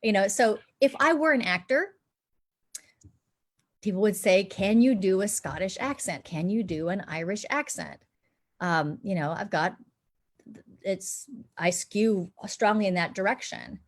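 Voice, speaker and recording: A woman's voice: medium pitch, lively intonation, measured pace. Woman dialect coach giving advice. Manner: earnest, explanatory, advising actors. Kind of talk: live online Q&A chat. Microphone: video call.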